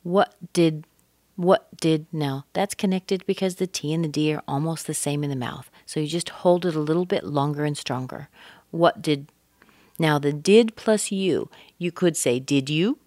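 A woman teaching English pronunciation, speaking deliberately and modeling words with exaggerated stress. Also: deep voice, a little mellow, no echo, clean studio sound. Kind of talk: pronunciation lesson.

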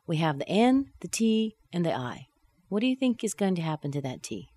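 A woman teaching English pronunciation, modelling phrases slowly with exaggerated, sing-song intonation. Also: fairly low pitch, sing-song, dark tone. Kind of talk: slow, clear teaching of intonation.

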